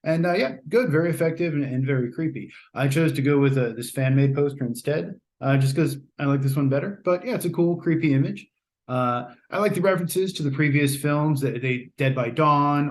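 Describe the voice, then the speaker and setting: An American man in casual review mode, talking through a movie he saw. His voice sits at an ordinary middle pitch, and he rambles a little, restarting sentences and dropping fillers along the way. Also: a little mellow. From United States. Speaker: podcast host reviewing a film.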